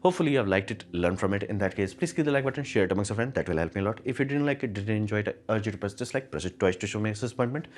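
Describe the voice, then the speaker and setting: Ranting low-voiced man. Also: expressive, racing, hardly any pauses. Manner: ranting, sarcastic, acts out quoted people. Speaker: tech commentary host. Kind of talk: opinionated monologue.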